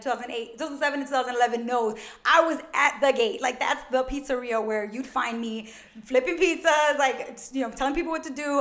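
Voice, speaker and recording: A woman around thirty from Brooklyn, a financial educator talking as a guest in a casual interview, loud, quick and animated. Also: a little high. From Brooklyn, New York. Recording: roomy echo.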